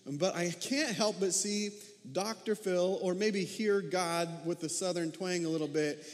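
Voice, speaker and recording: A man in his thirties preaching a sermon as a pastor, talking in an animated way and asking his listeners many questions. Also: sits high. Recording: long reverb of a large hall.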